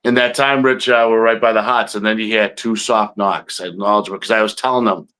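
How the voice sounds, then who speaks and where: A man's voice: on the low side, fairly even intonation, fairly quick, bright, forceful tone, clean tone, poor audio. A man co-hosting a podcast, telling a field story in a rambling way with many fillers. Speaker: podcast co-host, Bigfoot investigator. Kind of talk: casual chat.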